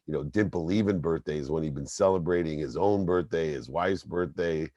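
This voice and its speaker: A middle-aged man, a guest on a podcast, telling personal stories in an emphatic, animated way. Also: extremely low pitch, fairly quick, no echo, muffled recording. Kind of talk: storytelling interview.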